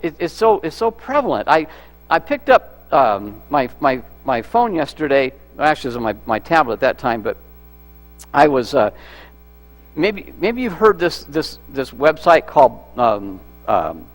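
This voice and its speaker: Male pastor, chatty sermon delivery, a touch high-pitched, reverberant hall recording. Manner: conversational, repeats words and restarts, asks the congregation questions. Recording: echoey hall with mains hum.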